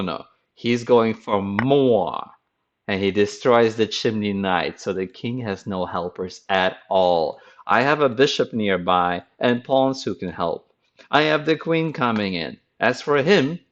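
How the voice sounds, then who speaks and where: A man commenting on a chess game as a teacher, with a playful, dramatic storytelling manner, on a dull lo-fi recording. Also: on the low side.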